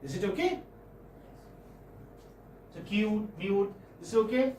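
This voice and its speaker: A man's voice: sits high, lively intonation, takes it slowly, a little mellow, a little hiss or hum. A man teaching phonetics in a classroom lecture, patiently checking in with his students as he goes. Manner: patient, checks in often with "okay?" and "hmm?". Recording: echoey classroom, mic far off.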